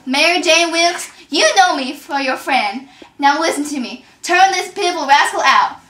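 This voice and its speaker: A stern male town doctor, indignant and scolding as he warns everyone, with a young woman performing him. The high, bright voice makes the amateur drama reading plain. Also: lively intonation, moderate pace, echoey room.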